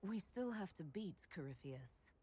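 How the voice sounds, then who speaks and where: A woman's voice: on the low side, expressive, unhurried, mellow, breathy edge, full character voice. A woman voicing an earnest young woman hero in video game dialogue, direct in tone. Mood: resolute.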